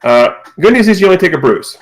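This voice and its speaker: A man acting as game master, explaining rules and narrating a tabletop game over a voice call with a relaxed, playful manner. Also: high-pitched, fast, low-quality recording.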